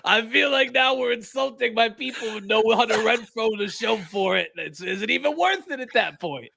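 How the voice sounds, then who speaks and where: High, gravelly young male co-host. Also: normal speed, pushed and bright, dry recording. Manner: crude, jokey, riffs in a mock Italian-American bit. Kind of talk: casual comedic livestream banter.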